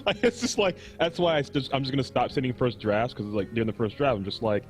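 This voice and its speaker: Male co-host, animated and giggly, casual chat. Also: fast, soft background music. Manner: laughs often, lively pitch.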